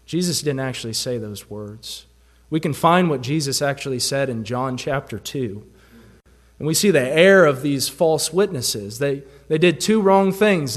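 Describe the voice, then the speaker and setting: Man preaching with rhetorical questions. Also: on the high side. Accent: American Southern. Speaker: pastor. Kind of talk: sermon.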